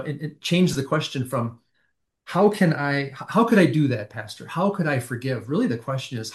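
A man, a pastor, talking through a Bible parable in a thoughtful, halting way with frequent restarts. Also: mid-range voice.

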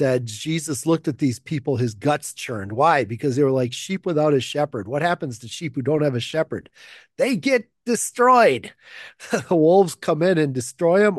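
A man's voice: on the high side, a little mellow, no room sound, clean studio sound. Man leading an informal Bible study. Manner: conversational, thinking aloud with frequent fillers and restarts; asks rhetorical questions.

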